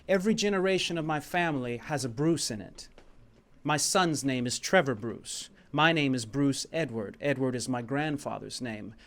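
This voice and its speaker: A man from the United States telling a personal story at a live showcase, rambling and repeating himself in a heartfelt way, with bits of song. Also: medium pitch. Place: small venue in Paris.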